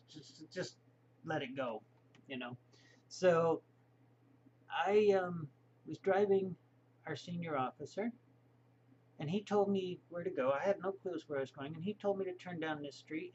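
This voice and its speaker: A man's voice: fairly high pitch, lo-fi sound, slight background noise. A middle-aged man talking in a rambling, folksy, opinionated way, vlogging from his home. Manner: chatty, opinionated, folksy asides. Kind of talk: casual rambling monologue.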